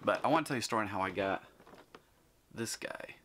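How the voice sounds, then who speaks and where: A man vlogging, telling a story in an animated, chatty way and acting out the people in it. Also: lowish voice, very fast, slight background noise. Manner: animated, chatty, acts out quotes. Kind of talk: casual storytelling.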